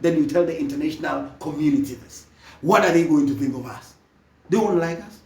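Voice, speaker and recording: A speaker from Africa, delivering an impassioned political monologue that often rises to a shout. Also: mid-range voice, brisk, reverberant, far from the mic. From South Africa. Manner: fervent, often rising to a shout.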